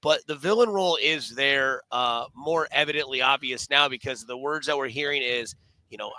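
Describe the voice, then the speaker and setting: A man's voice: medium pitch, normal speed, bright, forceful tone, low-quality recording. A man hosting a sports radio show, telling stories in a rambling, casual way with many fillers and restarts.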